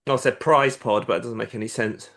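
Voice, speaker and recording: A man's voice: mid-range voice, fairly even intonation, brisk, a bit bright. A man co-hosting a horror podcast, joking and teasing over a call. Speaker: podcast co-host. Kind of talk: casual podcast chat.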